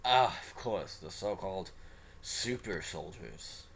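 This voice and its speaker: A man's voice: fairly low pitch, sing-song, brisk, a little hiss or hum. A man playing an arrogant, smug scientist. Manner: smug, condescending. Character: tall arrogant middle-aged male scientist.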